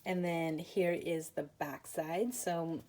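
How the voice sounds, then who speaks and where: A woman's voice: lowish voice, fairly even intonation, takes it slowly, a little mellow. A woman hosting a casual papercraft tutorial, chatty and self-deprecating, with lots of fillers, and tired and yawning. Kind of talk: casual craft tutorial chat.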